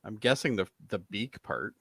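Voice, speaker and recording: A man's voice: on the low side, big pitch swings, moderate pace, fairly bright tone, slightly rough, dry recording. A man on a podcast panel, chatting casually and joking along with the others. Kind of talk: casual chat.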